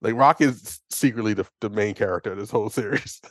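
A man co-hosting a podcast, chatting casually and excitedly about a movie, rambling and acting out lines. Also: lowish voice, fast, dry recording, clean studio sound. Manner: excitable, rambling, acts out quotes. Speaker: podcast co-host. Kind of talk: casual movie review chat.

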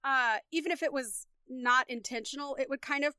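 A woman's voice: high voice, normal speed, bright, forceful tone, clear, resonant tone, no room sound, clean studio sound. A woman co-hosting a casual movie podcast, talking enthusiastically about actors. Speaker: podcast co-host.

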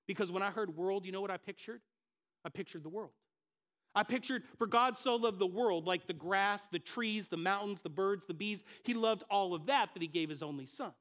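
A man's voice: high voice, brisk, fairly bright tone. A man preaching a sermon as pastor, acting out the listeners' thoughts in short quoted voices. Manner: dynamic preaching, acts out the listeners' inner voices.

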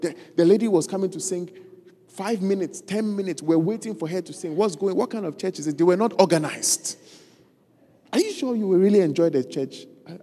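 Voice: medium pitch, gravelly, dark tone, slightly rough. A preacher voicing a gossiping churchgoer who complains and asks insinuating questions. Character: nagging, gossiping churchgoer stirring doubt. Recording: reverberant hall.

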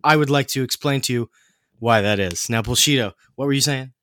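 A man's voice: mid-range voice, brisk, a bit bright. A man hosting a podcast, explaining history in casual chat, with many fillers and restarts.

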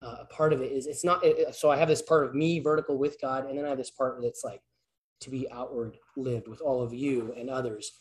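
A man's voice: mid-range voice, fairly even intonation, brisk. A man who works as a PE teacher, filling in as a church speaker and giving an informal, story-driven sermon in a rambling, conversational way full of restarts.

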